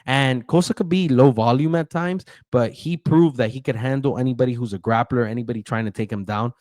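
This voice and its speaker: A man rattles through fight odds and picks in a loose, chatty way, filling gaps with ums and tripping over hard names. His pitch sits mid-range for a man. The recording is dry and close, with no room sound. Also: brisk, a little mellow, no echo. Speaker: betting analyst host. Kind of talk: casual betting breakdown.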